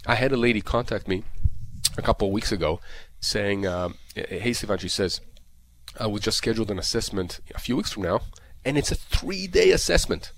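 On a radio call-in show, a disability lawyer appearing as a guest expert explains disability insurance claims, emphatic and repetitive with many fillers. His voice is on the low side, fairly quick and a bit bright, with a little hiss or hum.

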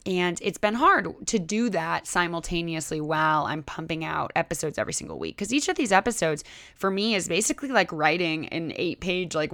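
A woman's voice: lowish voice, a bit bright, no echo. A young adult woman hosting her own podcast, talking casually to her listeners with lots of "right?" and "like". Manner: casual, chatty, many "right?" and "like". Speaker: podcast host. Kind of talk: solo podcast monologue.

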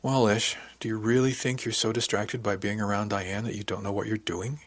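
A man voicing a woman who leads a ship section, gentle but blunt, with a dry sense of humor. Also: medium pitch, normal speed, slightly rough, close to an everyday voice. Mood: caring. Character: female section chief, firm and caring.

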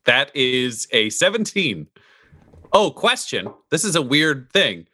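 A man's voice: mid-range voice, big pitch swings, takes it slowly, bright, forceful tone, slightly rough. A man as a tabletop player, chatting casually and amused. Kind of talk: casual chat.

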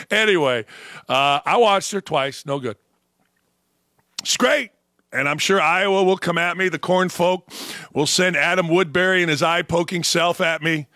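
A man's voice: on the high side, bright, forceful tone, no echo, clean studio sound. Blunt, profane male sports talk host. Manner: blunt, profane, mocking, with sudden emphatic outbursts. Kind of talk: opinionated sports talk rant.

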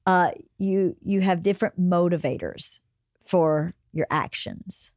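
A middle-aged woman hosting a casual family chat, giving calm, gently lecturing advice. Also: on the low side, slow, dry recording, clean studio sound. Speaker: podcast host and mother.

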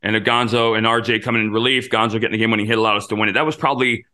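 A man in his fifties, a podcast host and former pitcher, telling stories in a casual, rambling monologue with many fillers and restarts. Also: fairly even intonation, racing, bright, forceful tone.

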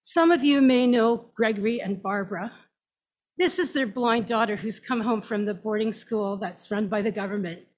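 A woman's voice: a little high, animated, a little slow, a little hiss or hum. A woman putting on a jovial male company boss. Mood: announcing.

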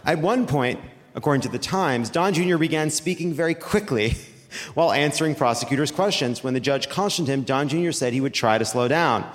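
A man hosting a comedy show, delivering a live monologue with mock-serious timing and sudden shouts. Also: on the high side, expressive, fairly quick. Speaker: comedy podcast host. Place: theater stage before a live audience. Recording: live hall recording with reverb and faint noise.

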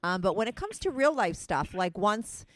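A woman's voice: medium pitch, very animated, moderate pace, dry recording. A woman with a Jersey-New York accent hosts a podcast in casual chat. She talks bluntly and swears freely, and her voice is dry and close to the mic. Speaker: podcast host. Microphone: phone call with co-host.

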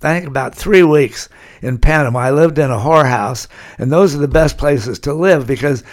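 A man's voice: medium pitch, normal speed. Older man telling rambling travel stories. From California. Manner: rambling anecdotal storyteller, chuckles. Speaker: guest. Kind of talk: storytelling interview.

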